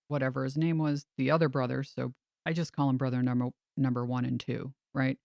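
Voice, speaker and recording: A woman's voice: very deep voice, normal speed, gravelly, dry recording, studio quality. A woman who works as a realtor, telling a story in a casual chat and acting out the people she quotes. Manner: animated, acts out quoted voices. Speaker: realtor and podcast host.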